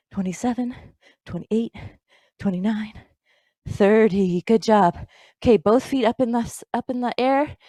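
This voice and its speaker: A woman's voice: on the high side, warm tone, no echo. A woman leading a bodyweight workout as fitness instructor, counting reps aloud and encouraging the viewer.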